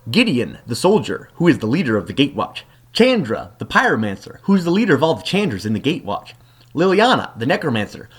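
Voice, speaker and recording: A man retelling a fantasy story as a joking, offhand recap, slipping into silly character voices. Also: on the high side.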